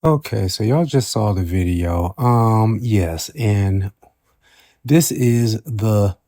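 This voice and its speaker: A man in his forties giving sassy, animated commentary as a vlogger, keeps calling the listener baby and asking okay?. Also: lowish voice, slow pace, dry recording, clean studio sound. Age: 40s. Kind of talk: commentary vlog.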